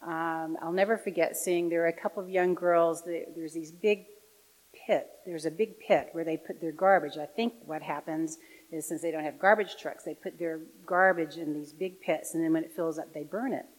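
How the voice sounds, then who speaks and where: A woman giving a parish talk about her volunteer work as an audiologist. She tells her story with animation and drops soft and quiet for the serious moments. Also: sits low, steady tone, normal speed, poor audio.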